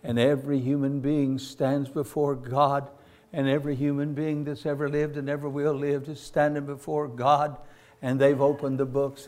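A man preaching a sermon with passion, swelling to loud, drawn-out peaks and calling listeners "my friend". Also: medium pitch.

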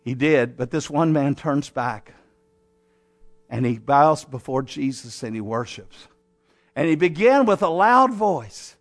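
A man preaching a sermon as pastor, telling the story dramatically and swinging between raised exhortation and quiet, close asides. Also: on the high side, expressive, a little slow. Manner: dramatic storytelling, acting out scenes.

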